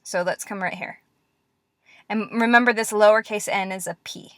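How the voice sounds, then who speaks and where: A woman teaching Russian letters in a classroom-style lesson, patient and encouraging, repeating words slowly. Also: medium pitch, fairly even intonation, fairly bright tone, no room sound, studio quality.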